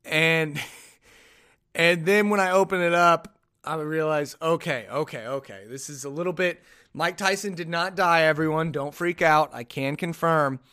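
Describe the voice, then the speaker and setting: Male podcast host, casual, animated, incredulous, lots of rhetorical questions. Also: on the high side, measured pace, smooth. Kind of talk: casual solo podcast chat.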